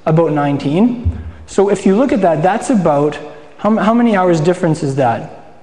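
Chatty pastor in an echoey hall. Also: male voice, high-pitched, animated, moderate pace, warm tone. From Saskatchewan, Canada. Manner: conversational, asks questions and answers them, frequent restarts. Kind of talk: sermon.

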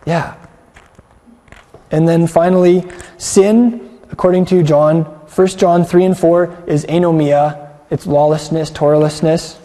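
A man delivers an earnest sermon and puts questions to his congregation. His voice sits fairly high with a mellow, dark tone. The room gives it a long, ringing reverb. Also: steady tone, unhurried. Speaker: congregation teacher.

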